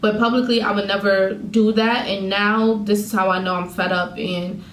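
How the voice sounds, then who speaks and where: A woman's voice: medium pitch, fairly even intonation, moderate pace, echoey room, slight background noise, poor audio. A woman vlogger venting candidly to her viewers, telling a painful breakup story in her own words. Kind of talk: emotional storytime vlog.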